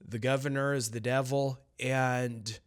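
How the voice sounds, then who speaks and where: Dude doing a casual solo podcast, crude jokes, goes loud then mumbles, mid-pitch voice. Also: male voice, fairly even intonation, measured pace, clear, resonant tone. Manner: rambling, crude, jokey, swings between loud outbursts and muttering. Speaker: podcast host.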